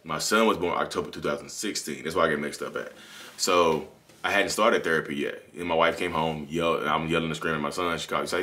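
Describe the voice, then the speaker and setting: A man's voice: deep voice, quick pace, bright, forceful tone. A man, hosting a candid, rambling confessional monologue and often correcting himself. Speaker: channel host.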